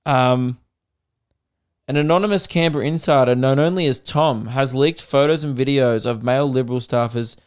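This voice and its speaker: A man's voice: mid-range voice, smooth. A young Australian man hosting a podcast, ranting crudely and sarcastically between laughs. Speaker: podcast host and comedian. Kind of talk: casual comedic rant.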